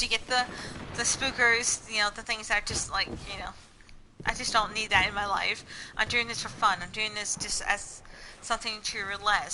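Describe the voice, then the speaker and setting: A woman's voice: mid-range voice, background noise. A woman with a slight Southern accent, chatting casually to her viewers in a rambling, stream-of-thought way, full of "like" and "you know". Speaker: vlogger.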